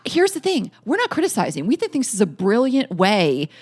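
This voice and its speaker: A woman co-host telling stories on a casual podcast, her pitch swinging widely as she goes. She sits at a middle pitch overall and laughs often while she talks. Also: fairly quick, breathy edge. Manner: animated storyteller who laughs often. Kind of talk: casual chat.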